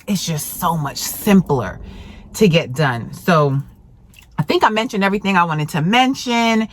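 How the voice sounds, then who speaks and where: A woman real estate agent, chatting casually to camera and quoting people in lively voices. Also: on the low side, no echo. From Georgia, USA. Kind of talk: casual vlog talk to camera.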